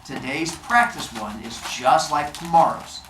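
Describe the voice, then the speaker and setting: A man's voice: a little high, a little slow. Male teacher talking over a noisy classroom. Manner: dry, sarcastic asides; steady step-by-step explaining. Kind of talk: classroom instruction. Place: classroom full of seventh graders. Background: student chatter.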